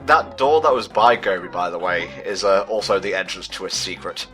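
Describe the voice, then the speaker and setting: Bright-toned, chatty British man. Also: sits low, lively intonation, brisk, faint music behind. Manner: chatty, sardonic, stumbles hunting for words. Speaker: let's play commentator. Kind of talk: casual gaming commentary.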